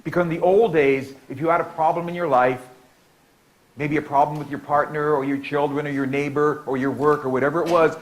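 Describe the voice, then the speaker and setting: A man's voice: on the high side, steady tone, a little fast, poor audio. A middle-aged man from the United States telling a story to a conference audience, repeating lines in a rhythmic way and leading the crowd in call-and-response. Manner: playful, leads audience participation with cues; repetitive, rhythmic oral storytelling.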